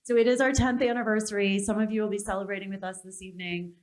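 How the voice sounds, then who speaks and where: A woman's voice: medium pitch, fairly even intonation, fast. A woman hosting a live event, giving emotional, gushing thanks in her closing remarks. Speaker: event host. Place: conference hall with an audience.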